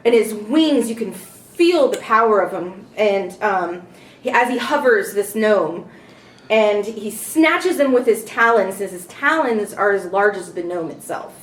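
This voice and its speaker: A woman's voice: mid-range voice, expressive, a little slow, slight background noise. Casual woman running a tabletop game. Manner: casual, many fillers. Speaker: game master. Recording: echoey room, distant mic, soft music.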